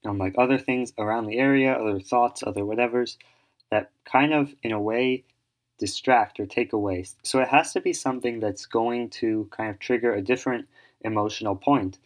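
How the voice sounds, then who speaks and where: A man's voice: medium pitch, normal speed. A man explaining an idea in casual, rambling talk, full of fillers and restarts as he thinks aloud. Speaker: solo speaker giving advice.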